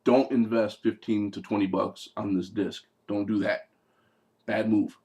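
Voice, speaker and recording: A man's voice: fairly low pitch, level tone, measured pace, mellow. Rambling, blunt young-sounding man reviewer. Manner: rambling, blunt, profane, lots of fillers and restarts. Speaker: movie reviewer. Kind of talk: casual vlog review.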